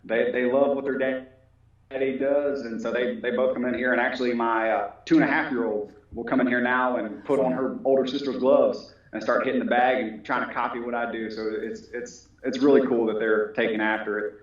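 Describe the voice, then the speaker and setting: A man's voice: mid-range voice, fairly even intonation, normal speed. A polite, humble man talking about his fight training and telling stories in a casual interview. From United States. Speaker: fighter and police officer. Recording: very echoey, dull audio.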